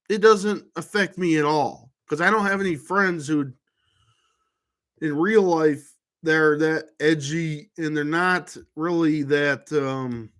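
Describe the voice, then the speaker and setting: Slow, rambling man with a high-ish voice. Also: fairly bright tone. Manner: rambling, with many restarts and trailing-off fillers. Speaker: vlogger. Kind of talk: casual monologue to camera.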